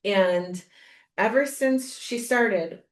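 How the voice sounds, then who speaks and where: A woman co-hosting a podcast, chatting casually and telling an excited personal story. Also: medium pitch, extremely slow. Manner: excited, storytelling, acts out quoted voices. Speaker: podcast co-host. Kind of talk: casual chat. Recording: roomy echo.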